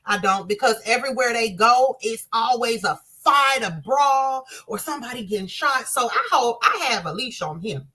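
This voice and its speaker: A woman talks straight to her viewers, impassioned and direct. Her voice sits a little high, bright and forceful, with a husky edge. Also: lively intonation, normal speed, few pauses. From Southern US. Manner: impassioned, addresses viewers as y'all. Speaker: commentator. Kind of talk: emotional commentary to viewers.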